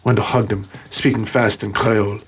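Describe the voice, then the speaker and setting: Low-voiced man narrating a story. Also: flat delivery, normal speed. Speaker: audiobook narrator. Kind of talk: scripted narration.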